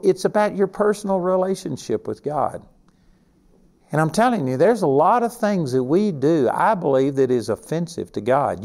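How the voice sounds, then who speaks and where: A man's voice: a little high, creaky, darkish tone. An older man from Texas with a Texan accent, teaching a sermon in a folksy, conversational way with emphatic stresses. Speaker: Bible teacher.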